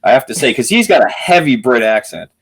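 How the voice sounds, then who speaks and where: Measured man in casual podcast chat. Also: medium pitch, big pitch swings, breathy edge. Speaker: podcast co-host.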